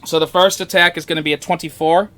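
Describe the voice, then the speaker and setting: A man running a tabletop game as dungeon master, calling turns and narrating combat briskly. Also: fairly high pitch, steady tone, noisy background.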